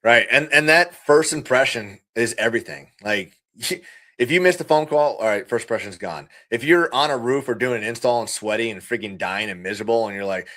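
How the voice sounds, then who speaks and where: A man who is a guest on a podcast, chatting about running his business with a lively, animated delivery and easy laughs. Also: mid-range voice. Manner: animated, fast-talking, laughs easily. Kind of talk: casual conversational interview.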